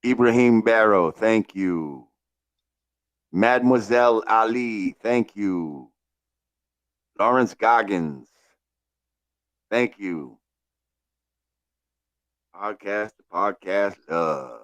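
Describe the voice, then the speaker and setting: A man's voice: fairly low pitch, drawn-out words, long pauses, dry recording. A male livestream host chatting casually, thanking viewers one by one in a laid-back way.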